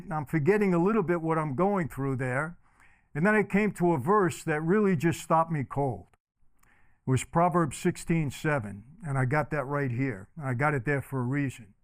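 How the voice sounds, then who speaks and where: A middle-aged man gives a keynote as a personal testimony, talking right to the audience. His voice sits a bit high for a man and comes through smooth and clear. The sound is dry and close. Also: no echo. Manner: storytelling, direct address to audience. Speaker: keynote speaker.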